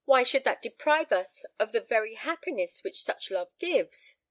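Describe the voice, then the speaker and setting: A woman's voice: a little high, animated, moderate pace, no room sound. A woman voicing an eager pleading young daughter. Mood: imploring.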